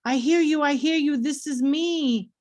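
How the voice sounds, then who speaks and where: A woman voicing a panicked teenage boy stranded in a plane, pleading in a high, frantic voice. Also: normal speed, no echo, natural voice.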